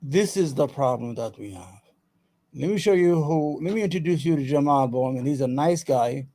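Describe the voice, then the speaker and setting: Heated, cursing livestream host. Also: male voice, a little high, animated, moderate pace, mellow. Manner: heated, profane, repeats himself; chatty asides to viewers. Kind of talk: ranting political commentary.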